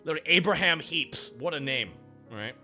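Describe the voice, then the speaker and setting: A young man streaming while driving, reading history aloud with animated, profane, sarcastic asides. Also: fairly high pitch, brisk, over music.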